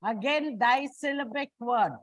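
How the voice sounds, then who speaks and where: On a muffled, dull lo-fi recording with no echo, a woman with an Indian English accent and a slightly high voice teaches English. She spells word endings letter by letter at a slow, careful pace and says each example word again.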